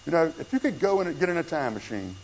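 Man preaching a lively conversational sermon. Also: fast, slight background noise. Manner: conversational preaching with wide swings in pitch and loudness. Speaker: pastor. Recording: dull lo-fi church recording with faint room sound.

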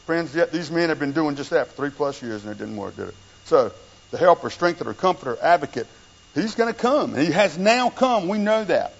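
A male pastor preaching a conversational sermon, swinging between hushed low passages and raised emphatic ones. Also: animated, a little fast, vocal fry. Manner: conversational preaching with wide swings in pitch and loudness. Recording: dull lo-fi church recording with faint room sound.

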